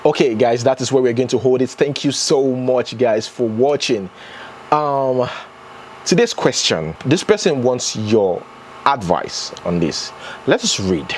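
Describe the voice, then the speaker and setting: A man's voice: mid-range voice, animated, measured pace, slight background noise. A man hosting a casual commentary vlog, reading posts aloud and reacting in a chatty way. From Nigeria. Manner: chatty, reacts with rising exclamations. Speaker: vlogger host.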